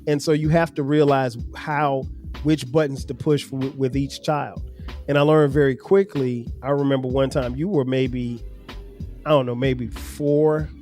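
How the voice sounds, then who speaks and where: A man's voice: mid-range voice, steady tone, unhurried, darkish tone, soft background music. A middle-aged man hosting a podcast, talking earnestly as a father about raising his children, with frequent restarts. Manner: earnest, storytelling with acted examples, many restarts. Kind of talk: reflective family conversation.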